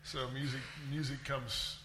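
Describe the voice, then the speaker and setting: A man's voice: medium pitch, little pitch movement, unhurried, pushed and bright. A man hosting a casual interview, asking questions in a friendly, easygoing way. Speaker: host. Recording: echoey room with faint ambient hum.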